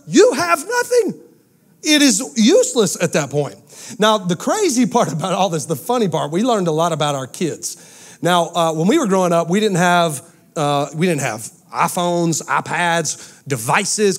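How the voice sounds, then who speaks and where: A man, preaching a sermon to a church crowd with lively storytelling and call-outs to the congregation. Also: a little high, moderate pace. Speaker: pastor. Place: church sanctuary with a live audience.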